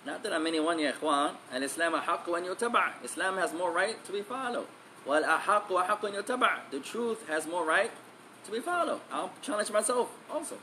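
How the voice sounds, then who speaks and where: A man's voice: high-pitched, animated, brisk, pushed and bright, a little hiss or hum. A man giving an emphatic religious lesson, repeating key phrases and switching between English and Arabic. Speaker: Islamic teacher.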